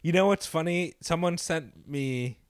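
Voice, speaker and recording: A man's voice: fairly high pitch, measured pace, no room sound, studio quality. A young man, a comedian co-hosting a podcast, telling rambling stories in casual chat, often laughing at his own anecdotes.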